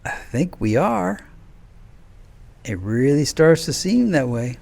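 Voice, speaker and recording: Man, slightly raised pitch, solo commentary, rhetorical questions, rambling delivery. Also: very animated, vocal fry, darkish tone. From United States. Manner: rhetorical questions with drawn-out "hmm" pauses. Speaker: video commentator. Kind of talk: solo political commentary monologue.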